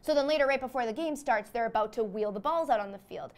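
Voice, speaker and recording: A woman's voice: fairly high pitch, quick pace. A young woman hosting a comedy show, rambling through a made-up movie plot with lots of "like". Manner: rambling, peppered with "like". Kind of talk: comedic monologue.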